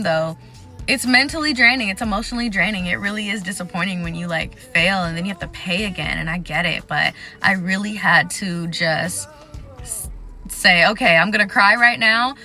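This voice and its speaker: A young woman vlogging about resetting after failed exams, candid and chatty, listing things off in quick runs. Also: mid-range voice, pushed and bright. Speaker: vlogger sharing exam advice. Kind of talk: casual talking-to-camera vlog.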